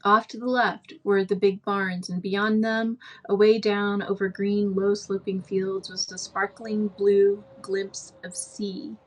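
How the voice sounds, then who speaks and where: A woman reads a classic novel aloud at a medium pitch, in an easy and unforced way. She stops now and then to chat with her viewers in casual asides, and she sometimes stumbles and restarts a word. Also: little pitch movement, takes it slowly, few pauses. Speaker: book reader.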